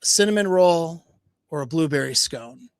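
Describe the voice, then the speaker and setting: A man playing a nonchalant, deadpan flirt. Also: a little high, moderate pace, smooth, no room sound, studio quality.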